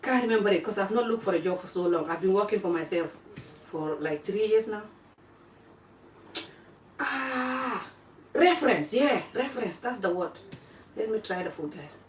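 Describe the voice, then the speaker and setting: An African woman vlogging casually while eating, chatting in an animated way and jumping from topic to topic. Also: mid-range voice, moderate pace, long pauses, a little hiss or hum. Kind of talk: casual live-stream chat while eating. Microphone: phone camera pointed away from her. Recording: roomy phone audio from a distance.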